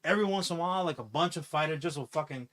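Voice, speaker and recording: A man chatting casually on a podcast, rambling and swearing as he pitches a movie idea with acted-out quotes. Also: racing. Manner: rambling, profane, animated storytelling with acted-out quotes. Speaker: podcast co-host. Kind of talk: casual comic-book podcast chat.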